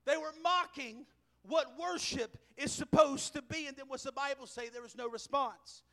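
A man preaching a sermon, telling a scripture story with animated delivery, chuckling and raising his voice for emphasis. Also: extremely high pitch, moderate pace. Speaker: pastor.

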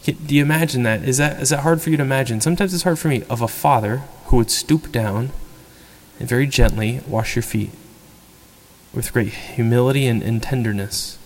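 Guy preaching a homily, chatty and animated, church echo hanging on his voice. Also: mid-range voice, a little fast. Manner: conversational, animated, acts out quotes. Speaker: priest. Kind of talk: sermon.

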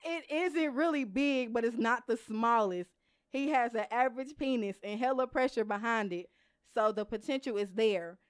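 A woman's voice: a little high, normal speed, smooth, dry recording, studio quality. A woman co-hosting a casual podcast, reading a listener's email aloud in a blunt, profane way and laughing often. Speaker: podcast co-host.

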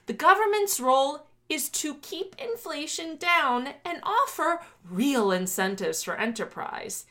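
A woman's voice: high voice, bright, forceful tone, voice pushed up, heavily acted. A woman putting on a prim woman politician reading out a manifesto in a lofty, proper voice.

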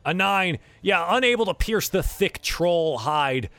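A man's voice: sits high, animated, measured pace, bright, forceful tone, dry recording, soft background music. A man running a tabletop game as game master, narrating in a rambling, casual way full of fillers.

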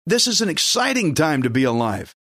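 A man's voice: on the high side, big pitch swings, fairly quick, a bit bright, husky, no room sound, studio quality. A man preaching a sermon in an urgent, emphatic, exhorting way.

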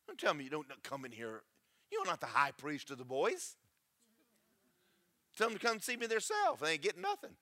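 A man preaching a sermon, emphatic and preachy, swinging between loud and soft. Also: on the high side, huge pitch swings, fairly quick. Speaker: pastor.

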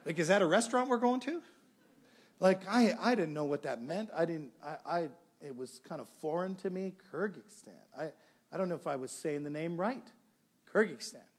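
A man's voice: fairly high pitch, moderate pace. A middle-aged male pastor preaching a sermon, telling a story and acting out the dialogue. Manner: animated storyteller, acts out dialogue.

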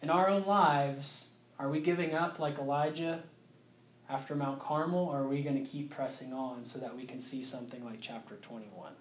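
A man preaching a sermon in a conversational way, often asking "right?" and dropping to a quiet, close voice for intimate points. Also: medium pitch, moderate pace, reverberant.

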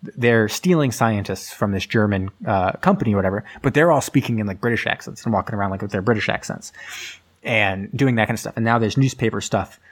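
A man's voice: fairly low pitch, brisk. A man casually retelling a film's plot in a rambling, filler-heavy way, as a podcast host. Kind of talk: casual movie recap.

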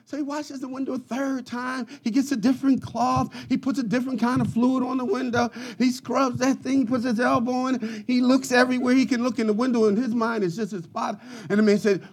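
A man preaching a sermon, swinging from quiet, low asides to loud, shouted passages. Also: fast talker, slightly rough. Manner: preaching with rising shouts and dramatic swings in volume. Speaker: pastor.

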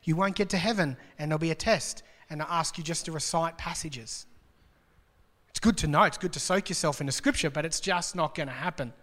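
A man's voice: on the high side, a little fast, a bit bright. A man preaching a sermon to a congregation, chatty and joking, asking rhetorical questions. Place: church hall. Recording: long reverb of a large hall.

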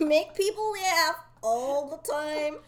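A woman's voice: high-pitched, animated, slow, reverberant. A woman putting on a mock American accent to give life advice, giggling and preachy. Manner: giggly, preachy, breaking into laughter.

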